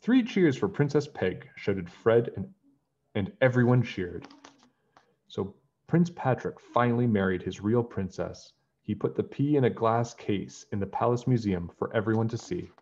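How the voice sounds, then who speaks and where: Man reading a children's book aloud, gentle storyteller, lowish husky voice, dull lo-fi recording. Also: moderate pace. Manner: gentle, storytelling, chatty sign-off.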